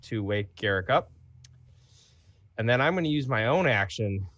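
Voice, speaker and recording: A man's voice: mid-range voice, lively intonation, moderate pace, a bit bright, highs cut off. A man playing a tabletop role-playing game, describing his character's moves and checking rules. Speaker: player.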